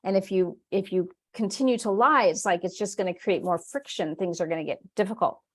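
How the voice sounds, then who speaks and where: A woman's voice: medium pitch, a little fast. A woman leading a spiritual workshop, telling stories in a chatty way, acting out her inner voice in quoted asides and laughing often. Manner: warm, chatty storytelling with frequent laughs. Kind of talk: live online workshop talk.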